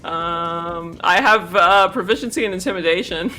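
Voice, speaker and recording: A man's voice: high-pitched, moderate pace, sharp tone, faint music behind. A man playing a tabletop game who keeps breaking into laughter. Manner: giggly, fits of laughter. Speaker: player. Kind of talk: tabletop play.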